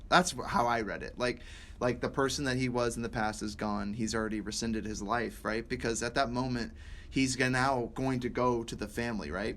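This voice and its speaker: A man co-hosting a casual movie review chat, animated and laughing often as he acts out lines. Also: medium pitch, a little hiss or hum. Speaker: podcast co-host.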